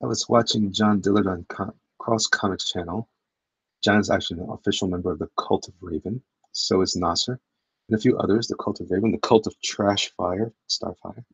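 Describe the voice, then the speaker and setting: Gravelly, husky man chatting on a livestream. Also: deep voice, fairly even intonation, fairly quick, no echo, low-quality recording. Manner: rambling and self-deprecating, talks to chat. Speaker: comic artist livestreaming while drawing. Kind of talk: casual livestream chat.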